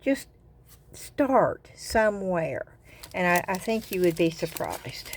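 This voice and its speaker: Older woman, Southern accent, rambling craft chat, somewhat low voice. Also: very animated, takes it slowly, noisy background. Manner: chatty, rambling, repeats words. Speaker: craft vlogger. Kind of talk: casual chat.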